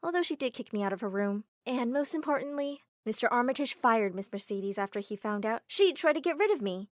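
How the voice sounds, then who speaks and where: A woman narrating a first-person story in a dramatic, expressive way. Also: fairly high pitch, no echo, studio quality.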